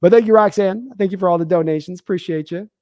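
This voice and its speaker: A man hosting a sports stream show in casual talk, animated and quick to restart and repeat his words. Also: high-pitched, dry recording, studio quality.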